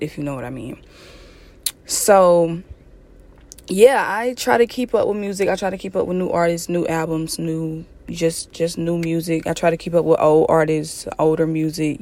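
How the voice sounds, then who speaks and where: Young woman, solo podcast host, hoarse near-lost voice, low and gravelly, close-miked, rambling casual delivery. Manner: rambling, frequent fillers and restarts, casual swearing. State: hoarse, voice nearly gone. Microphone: close mic, heavy breathing.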